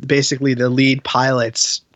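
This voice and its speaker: A man co-hosting a casual gaming podcast, joking and teasing in quick banter. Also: mid-range voice, flat delivery, fairly bright tone, dry recording, muffled recording. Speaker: podcast co-host.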